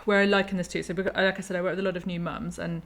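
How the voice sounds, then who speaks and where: Chatty woman with a gravelly voice. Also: fairly low pitch, little pitch movement, very fast, fairly bright tone. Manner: chatty, laughs easily, backchannels a lot. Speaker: host. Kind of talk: casual podcast conversation.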